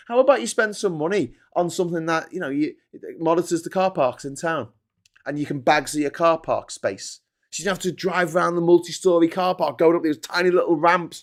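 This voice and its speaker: A man's voice: high-pitched, a bit bright. A man in his forties hosting a show, ranting in a rambling, sweary, exasperated way. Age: 40s. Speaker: host. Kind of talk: casual rant monologue.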